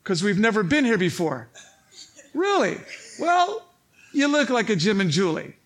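Pastor guy with a high bright voice, storytelling in his sermon, doing other people's voices and laughing along. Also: fairly quick. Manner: animated storytelling, acting out others' lines; laughs at his own stories.

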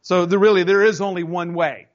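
A man's voice: sits high, steady tone, a little fast, muffled recording. A man preaching a sermon in a conversational way, telling stories, acting out voices and speaking straight to his congregation. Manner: storytelling, acts out voices in anecdotes; conversational, addresses the congregation directly. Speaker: pastor.

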